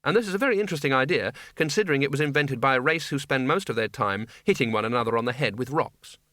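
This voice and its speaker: Male narrator with a lively, bright read. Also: medium pitch, quick pace, dry recording, studio quality. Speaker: audiobook narrator. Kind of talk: scripted narration.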